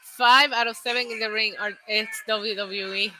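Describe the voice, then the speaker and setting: A woman's voice: on the high side, steady tone, moderate pace, sharp tone, no room sound, rough recording. A young woman hosting a live wrestling watch-along, reacting bluntly with profanity and laughter and reading out viewer messages. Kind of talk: casual live reaction commentary.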